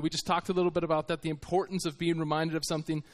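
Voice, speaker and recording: A fairly high-voiced man preaching a sermon as a visiting missionary. He speaks earnestly and conversationally, often pausing and restarting mid-thought. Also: fairly even intonation.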